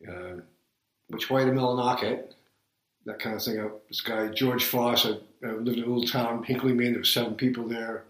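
Man, seventies, Boston accent, plain and unhurried, medium pitch, roomy echo. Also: little pitch movement, fairly bright tone. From south of Boston, USA. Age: 70s. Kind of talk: reading a set passage aloud, then casual reminiscing.

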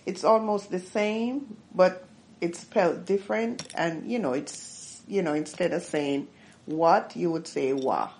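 Nostalgic Jamaican woman, lowish voice. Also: unhurried. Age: middle-aged. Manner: warm and nostalgic, lots of fillers and restarts. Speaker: interviewee. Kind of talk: casual reminiscing.

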